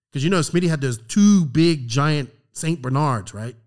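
A middle-aged man telling a story on a podcast, animated and profane, acting out the lines of the people in it. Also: fairly high pitch, normal speed, few pauses. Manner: animated, profane, acts out quotes. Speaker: podcast co-host. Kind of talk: casual storytelling chat.

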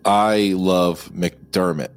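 An American man co-hosting a casual film discussion, animated, with frequent hesitant restarts. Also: sits low, extremely slow, soft background music. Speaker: co-host.

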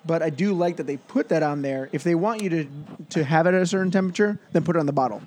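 A man co-hosting a casual beer review chat, opinionated and quick to laugh. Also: on the high side, darkish tone, slight background noise. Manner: chatty, opinionated, laughs often.

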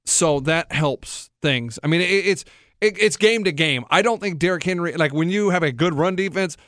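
Sports radio host, man, high voice, blunt debater, dry studio sound. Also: moderate pace, a bit bright, dry recording. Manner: argumentative, blunt.

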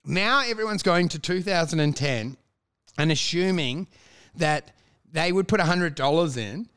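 A man's voice: fairly high pitch, expressive, unhurried, a bit bright, clear, resonant tone. A man co-hosting a podcast, joking crudely and acting out silly voices in casual banter. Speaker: podcast co-host.

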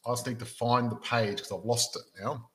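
A man hosting a casual podcast, telling jokey stories in an animated way. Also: medium pitch, fairly quick, rough recording. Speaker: podcast host.

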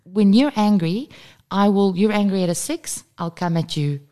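A woman's voice: mid-range voice, normal speed, dark tone. A woman, co-hosting a casual parenting podcast and talking candidly, swearing freely. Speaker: podcast co-host. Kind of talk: casual chat.

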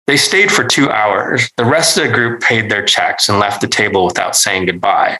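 A man reading a literary story aloud in a measured, even way, now and then correcting a word. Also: on the low side, rough recording. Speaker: narrator.

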